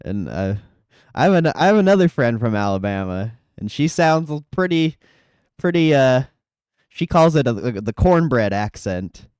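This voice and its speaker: Smooth-voiced man chatting on a stream. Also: mid-range voice, big pitch swings, moderate pace, darkish tone, dry recording, studio quality. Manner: chatty, laughs often, swears freely. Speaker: livestreamer reading chat. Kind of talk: casual live chat about stock trading.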